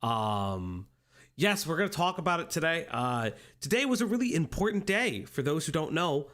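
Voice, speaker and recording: On a desk mic at home, a man hosts a relaxed livestream, greeting chat in a playful sing-song and wandering off into asides. His voice is fairly high and fairly bright, with big swings in pitch, at a normal speed.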